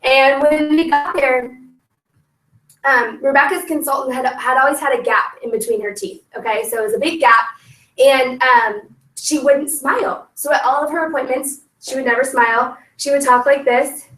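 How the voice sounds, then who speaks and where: A young woman leading a lively sales training talk to a group, coaching her team and acting out sample pitches. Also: moderate pace, distant mic. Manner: energetic, coaching, acts out scripts. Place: meeting room with a group. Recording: echoey room, voice from off-mic.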